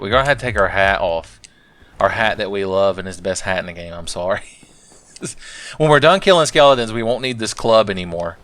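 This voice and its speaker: Male let's-play host, low-ish voice; rambling, sarcastic, swears freely; faint hiss. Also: fairly bright tone. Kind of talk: profane, joking gaming commentary.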